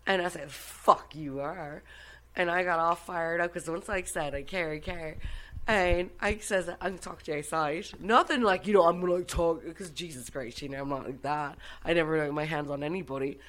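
An Irish woman recounts a story in a casual chat. Her voice sits slightly low, and she swears freely and talks with a quick, animated delivery. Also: low-quality recording. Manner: animated, swearing, laughing often. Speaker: guest.

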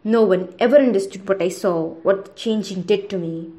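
A woman voicing a crazed, menacing teenage boy who talks slowly with a sneer. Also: mid-range voice, warm tone, lightly acted. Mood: raging. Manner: slow, sneering and unhinged.

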